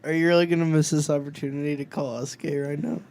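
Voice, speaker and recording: A young man with a fairly high voice swapping stories and teasing on a casual podcast. His talk is quick and playful. A faint noise floor stays under the recording. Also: flat delivery, a little mellow. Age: young adult. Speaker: podcast co-host. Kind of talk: casual chat.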